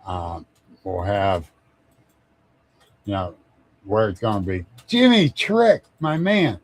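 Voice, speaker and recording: A man's voice: deep voice, big pitch swings, slow. A man hosting a casual live stream, rambling, chuckling often and greeting viewers by name. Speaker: livestream host.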